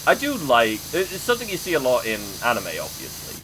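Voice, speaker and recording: A man's voice: mid-range voice, wildly swooping pitch, fast, noisy background. A man streaming a game, chatting casually in a rambling, self-mocking way. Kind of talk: casual chat while gaming.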